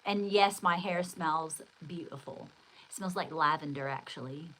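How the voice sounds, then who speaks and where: A woman's voice: low-pitched, a little slow, a bit bright, low-quality recording. An older woman hosting a casual livestream, chatting in a rambling, exclamatory way and reading out viewer comments. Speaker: livestream host.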